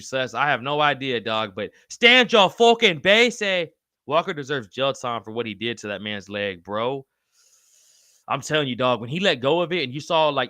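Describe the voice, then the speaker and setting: A man hosting a live podcast stream, reading chat and reacting in an excitable, loose way, swearing freely and calling everyone brother. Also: medium pitch, no room sound.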